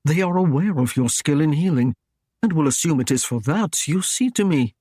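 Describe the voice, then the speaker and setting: A man reading an audiobook, voicing a stern and proud Norman knight who speaks in a gruff, commanding way. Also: a little high, lively intonation, normal speed, dark tone, no room sound, studio quality. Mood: low tender. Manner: gruff, commanding, dryly mocking.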